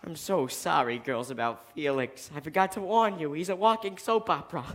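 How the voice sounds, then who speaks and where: A young actor playing Oscar, a brash and sloppy roommate who cracks jokes, in a stage play scene. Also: male voice, a little high, moderate pace, slight background noise, close to an everyday voice. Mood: wisecracking. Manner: brash, wisecracking.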